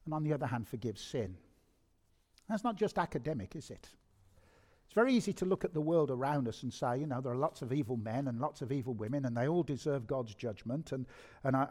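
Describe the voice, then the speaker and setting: A man's voice: medium pitch, darkish tone. A middle-aged man preaching a sermon in an earnest, conversational way, repeating words and asking rhetorical questions. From England. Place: church hall. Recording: long reverb of a church hall.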